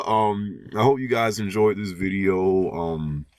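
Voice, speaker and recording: A young YouTuber with a very low voice talks to his viewers in a loose, slangy ramble full of fillers and restarts. He sounds sleepy. The sound is dry, with no room echo. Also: expressive, takes it slowly. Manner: laid-back slangy talk. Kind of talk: casual vlog talk to viewers.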